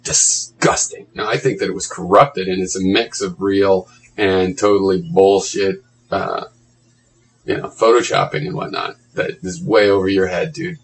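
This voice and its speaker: Sarcastic low-voiced man reading comments. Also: low-quality recording. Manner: sarcastic, mocking, profane asides.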